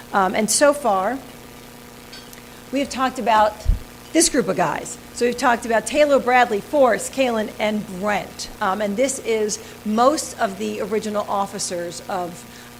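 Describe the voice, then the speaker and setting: A woman leads a casual history presentation as she walks her listeners through her slides. She talks in a chatty, halting way, full of ums and small restarts, at an ordinary middle pitch. A soft hum sits faintly behind her voice. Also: low-quality recording. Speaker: organization president giving a history talk.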